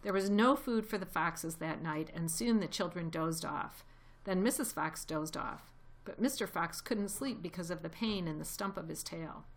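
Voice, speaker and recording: A woman narrating a children's storybook aloud, gently expressive. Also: on the low side, normal speed.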